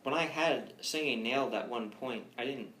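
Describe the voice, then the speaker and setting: A man's voice: mid-range voice, normal speed, bright, forceful tone. A man asking questions as a student in a casual voice lesson, hesitant and repeating words. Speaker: singing student. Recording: echoey room with faint noise.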